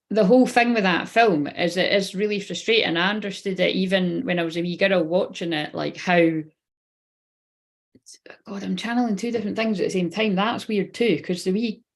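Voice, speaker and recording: A woman in her thirties giving a live-streamed card reading, rambling, swearing casually and talking straight to her viewers. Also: on the low side. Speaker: spiritual reader.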